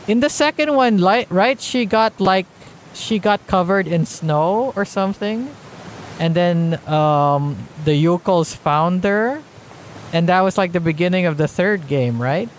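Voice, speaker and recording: A man's voice: high voice, expressive, unhurried, slight background noise. A man giving casual live-stream commentary on a game, rambling with many fillers and restarts, sometimes reading on-screen text aloud.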